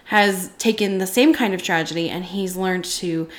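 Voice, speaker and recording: A woman's voice: lowish voice, normal speed. A woman co-hosting a podcast in casual chat, explaining her thoughts with fillers like "um" and "you know". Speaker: podcast co-host.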